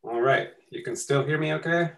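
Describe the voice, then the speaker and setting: A middle-aged man from Canada leading a conversation over a video call, gentle and measured as he asks questions. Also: on the high side, creaky, low-quality recording. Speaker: co-author and moderator. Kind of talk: casual conversation.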